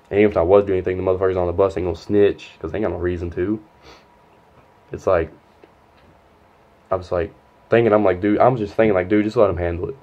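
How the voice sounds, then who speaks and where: A man's voice: sits low, level tone, fast talker, highs cut off. A young man telling a long, rambling, profane story from his school days, quoting others as he goes. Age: young adult. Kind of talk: casual storytime vlog.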